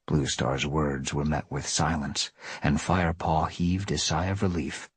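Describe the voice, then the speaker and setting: Husky-voiced man reading a story aloud. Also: rumbling low, a little slow, no room sound. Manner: lively storytelling narration. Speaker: reader. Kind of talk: live reading of a novel.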